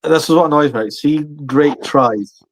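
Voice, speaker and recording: A man's voice: fairly high pitch, measured pace, a crowd in the background, low-quality recording. A man, co-hosting a casual podcast with jokey, chatty banter. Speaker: podcast co-host. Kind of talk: casual sports chat.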